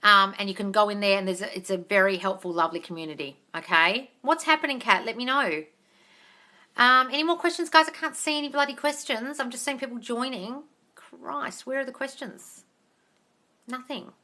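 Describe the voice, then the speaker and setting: Woman, bright voice, blunt and brisk, swears a lot, live-stream coach chat. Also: fairly high pitch. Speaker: manifestation coach hosting a live Q&A.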